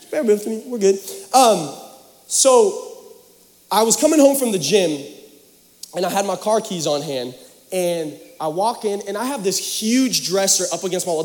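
A young man preaching a sermon in a church, telling a joking, animated story to the congregation. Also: high-pitched, big-room sound. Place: church hall.

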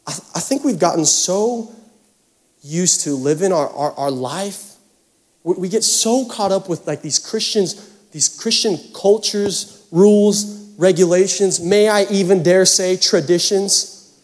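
A youth pastor from Seattle gives a sermon, telling a joking, animated story to the congregation in a large church hall. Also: male voice, sits high. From Seattle area, United States. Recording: long hall reverb.

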